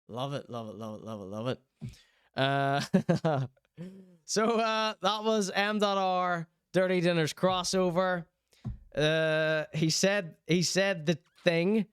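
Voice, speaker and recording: Male host, reaction show, teasing and chatty, higher smooth voice, dry close sound. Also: dry recording. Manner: chatty, teasing, mock-concerned asides. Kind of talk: casual reaction commentary.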